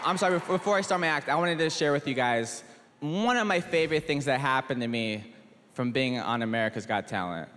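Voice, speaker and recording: A man comedian doing a stand-up set on a theater stage with wry, deadpan setups. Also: medium pitch, brisk. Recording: reverberant hall, audience noise.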